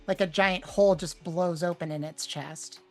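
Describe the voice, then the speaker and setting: A woman's voice: lowish voice, steady tone, normal speed, faint music behind, low-quality recording. A woman playing a tabletop game, describing her character's actions casually. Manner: casual, uses "like" often. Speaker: player.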